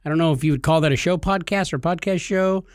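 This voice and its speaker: Young male podcast co-host, higher voice, playful and teasing, dry close sound. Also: quick pace, no echo. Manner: jokey, teasing, theatrical. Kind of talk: casual podcast banter.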